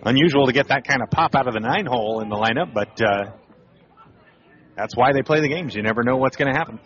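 Male radio baseball announcer, middle pitch, laid-back and chatty, slightly muffled broadcast. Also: fast. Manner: relaxed, conversational calling with asides. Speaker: play-by-play announcer.

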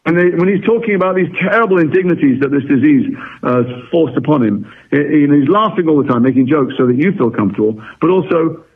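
A middle-aged English actor from England, talking reflectively and wryly as a radio interview guest. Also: male voice, fairly high pitch, animated, a little fast, few pauses, slightly rough. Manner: reflective, articulate, wry. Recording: phone-like radio line.

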